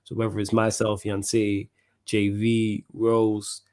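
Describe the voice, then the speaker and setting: A man's voice: lowish voice, completely flat delivery, a little slow, a little mellow. Laid-back man reading live comments. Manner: laid-back slangy banter, reads out viewer comments. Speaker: co-host of a football fan show. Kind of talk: casual live-stream football chat.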